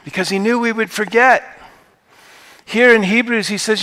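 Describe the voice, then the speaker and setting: A pastor preaching to his congregation in a relaxed, conversational way, his voice pitched a little high for a man. He pushes hard on his key points, and the long reverb of the hall trails after every phrase. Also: normal speed. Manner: conversational preaching, rising to emphatic outbursts. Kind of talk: sermon. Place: church sanctuary.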